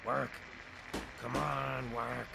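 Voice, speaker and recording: A raspy, downtrodden ghoul barkeep. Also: male voice, medium pitch, level tone, very slow, heavy background noise, full character voice. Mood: grumbling. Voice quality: raspy, gravelly. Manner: humble, resigned. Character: weary male ghoul bartender, downtrodden and kind. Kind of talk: video game voice acting.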